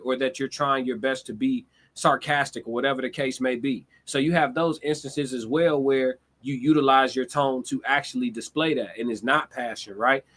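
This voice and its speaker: A man's voice: mid-range voice, a bit bright. A young adult man, hosting a casual live-stream monologue in a conversational, reflective way, swearing freely. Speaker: livestream host.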